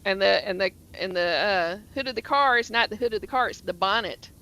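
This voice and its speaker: A woman's voice: medium pitch, brisk, bright, forceful tone, slight background noise. A woman from the Atlanta area with a Southern accent, chatting casually on a game stream, rambling with lots of fillers and restarts. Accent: Southern US (Georgia). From Atlanta area, Georgia, US.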